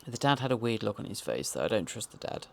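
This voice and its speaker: A man's voice: fairly low pitch, sing-song, fast talker, gravelly, a bit bright. Male host, wry and jokey, rambling horror episode commentary.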